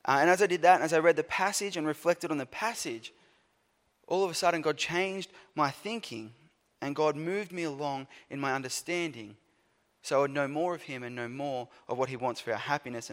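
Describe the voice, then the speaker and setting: A man preaching a casual, joking sermon to a church congregation. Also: medium pitch. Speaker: pastor. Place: church hall. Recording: church hall with long reverb.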